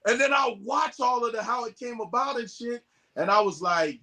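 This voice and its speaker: Animated male storyteller, bright tone, curses freely, jumps into quoted voices. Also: high voice, fairly quick. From US West Coast. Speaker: podcast guest. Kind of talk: casual storytelling.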